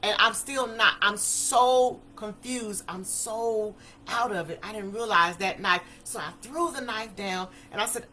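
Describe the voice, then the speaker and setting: A woman tells her story in a bright, forceful voice. She talks in an animated way, acting out each quote as she speaks. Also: mid-range voice, measured pace. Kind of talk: personal testimony talk.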